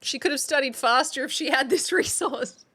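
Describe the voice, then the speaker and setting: A young woman streaming live, hosting a playful mock class in a casual chatty way, laughing often and exclaiming with excitement. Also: high-pitched, normal speed.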